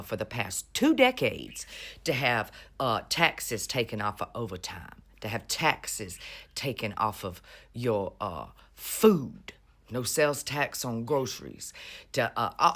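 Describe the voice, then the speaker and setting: A woman talks straight to camera in a loose, mocking vlog rant. Her pitch swoops up and down all the time. She drawls and teases, with a sarcastic bite. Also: very animated, a little slow, fairly bright tone. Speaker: vlogger. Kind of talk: casual political commentary.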